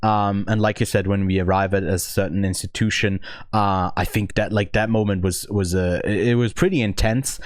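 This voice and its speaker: A man's voice: lowish voice, fairly even intonation, normal speed, no room sound, clean studio sound. A man co-hosting a podcast, chatting casually about a film, thinking aloud with lots of hesitant restarts. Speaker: podcast co-host, film reviewer. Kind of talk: casual film review chat.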